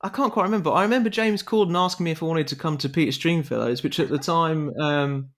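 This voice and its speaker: A man in his twenties being interviewed on a podcast, speaking modestly and haltingly. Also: a little high, a bit bright. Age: 20s. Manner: modest and halting, with many fillers and restarts. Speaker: interview guest. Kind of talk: conversational interview.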